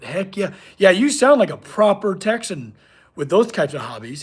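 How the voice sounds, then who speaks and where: Chatty husky-voiced young man. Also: sits high, sing-song, normal speed. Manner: chatty, rambling, reads chat aloud. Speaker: blacksmith streamer. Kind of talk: casual live-stream chat. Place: home workshop.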